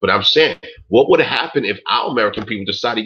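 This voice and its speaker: A man in his forties with a husky, breathy voice and mid-range pitch. He hosts a talk stream and rants emphatically, swearing freely and throwing in "yo" and "man". The recording sounds dull and lo-fi. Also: lively intonation, a little fast, pushed and bright. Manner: profane, emphatic, repeats "yo" and "man". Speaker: host. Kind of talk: casual rant on a talk stream.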